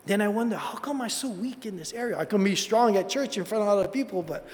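A man preaching a sermon, telling animated, conversational stories and calling people "bro". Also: high voice, fast, in a large hall.

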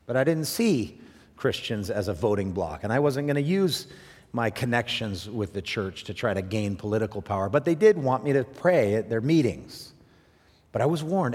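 A man preaching a sermon, animated, swinging from raised emphasis to quiet asides and often repeating words as he thinks aloud. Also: on the low side, a little fast. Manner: animated preaching, rising and dropping to near hush for emphasis. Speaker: pastor. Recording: long hall reverb.

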